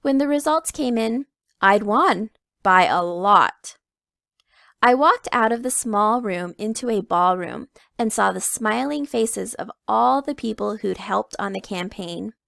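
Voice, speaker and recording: A woman reading a picture book aloud to children, telling it in the first person with expressive emphasis. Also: medium pitch, a little slow, vocal fry, dry recording, clean studio sound. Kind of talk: read-aloud storytelling.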